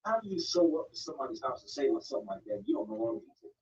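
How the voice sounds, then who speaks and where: Guy in his 40s telling a story, really lively, jumps up high when worked up, mic kinda far and dull. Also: racing, gravelly, slight background noise. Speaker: streamer. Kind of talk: casual storytelling. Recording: distant, slightly dull mic.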